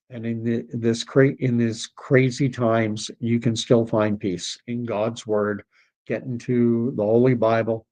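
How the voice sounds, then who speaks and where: A man's voice: medium pitch, level tone, unhurried, darkish tone. A Canadian man hosting a political livestream, chatting casually and rambling as he reacts to messages from viewers. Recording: dull lo-fi stream audio.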